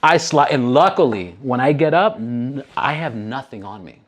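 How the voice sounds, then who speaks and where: A man telling a long story in a casual podcast conversation, animated, swearing freely and acting out what other people said. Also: mid-range voice, moderate pace.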